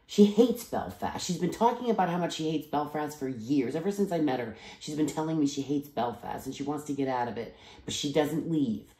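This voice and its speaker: Tired, rambling low-voiced woman. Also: expressive, fairly quick, few pauses, mellow. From US East Coast. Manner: rambling, digressive, frequent restarts and asides. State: tired after travel. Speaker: vlogger. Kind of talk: rambling personal vlog. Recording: echoey room.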